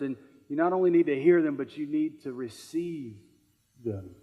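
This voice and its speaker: A man's voice: mid-range voice, animated, normal speed, highs cut off. A man preaching a sermon as pastor in a church service, earnest and repeating phrases for emphasis.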